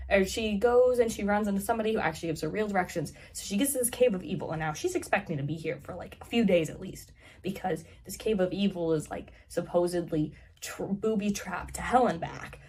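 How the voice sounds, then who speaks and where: A woman's voice: mid-range voice, expressive, a little fast, a little mellow, a little hiss or hum. A woman casually recapping a fantasy novel's plot, rambling with lots of "like" fillers. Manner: rambling, heavy use of "like" fillers. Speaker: book reviewer.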